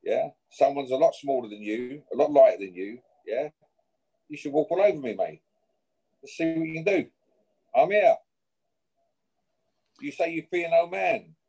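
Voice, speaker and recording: A man's voice: a little high, lively intonation, normal speed, creaky, pauses often, mellow, breathy edge. Combative man, dull lo-fi sound. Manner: confrontational, repeats "yeah?" after each point. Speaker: boxer issuing a challenge. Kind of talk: interview, trash talk.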